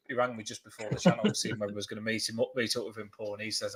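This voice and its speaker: A man's voice: medium pitch, fast. A young man co-hosting a casual football fan chat, telling stories with lots of laughs. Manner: animated storytelling, laughs often. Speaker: podcast co-host.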